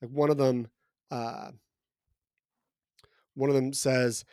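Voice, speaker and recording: A man's voice: mid-range voice, fairly even intonation, takes it slowly, warm tone, no echo, clean studio sound. A man co-hosting a casual book discussion, talking in a thoughtful way with frequent restarts. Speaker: co-host.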